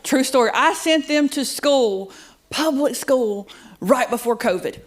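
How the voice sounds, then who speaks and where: A woman's voice: high voice, lively intonation, a little slow. A middle-aged woman with a drawl works a stand-up set on a handheld stage mic. She is sassy and self-mocking, and she keeps chatting straight to the crowd. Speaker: stand-up comedian. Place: comedy club studio with live audience.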